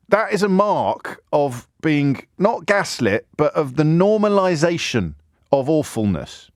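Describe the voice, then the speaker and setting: A man's voice: a little high, dry recording, clean studio sound. A man in his fifties hosting a radio phone-in, delivering an indignant, sarcastic monologue that builds to anger. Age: 50s. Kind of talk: impassioned talk radio monologue. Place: radio studio. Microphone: studio microphone.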